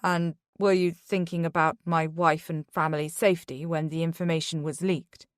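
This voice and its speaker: A defensive, bitter husband snapping back on a phone call in an audiobook thriller, as a woman reader plays him. His lines come out curt and sarcastic, slightly lower than the narration. The reading is close and dry. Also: flat delivery, normal speed, no room sound, lightly acted.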